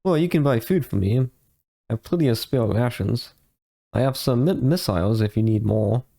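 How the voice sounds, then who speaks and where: A man's voice: medium pitch, expressive, moderate pace, gravelly, mellow. A man reading aloud the lines of a burly male outfitter in armor, in a plain, matter-of-fact way. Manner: plain read-aloud delivery.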